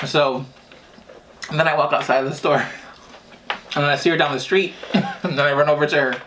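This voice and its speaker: A man from New Jersey telling childhood stories in a casual mukbang vlog, often laughing and pausing to eat and drink. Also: fairly high pitch, steady tone, background noise. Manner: chatty, laughs often, eating while talking. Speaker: vlogger. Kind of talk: casual storytelling during a mukbang.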